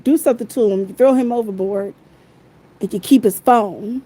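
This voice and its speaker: A woman's voice: mid-range voice, moderate pace, dark tone, slightly rough, poor audio. Furious profane woman ranting on a livestream. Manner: heated, profane, repeats phrases. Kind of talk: angry livestream rant.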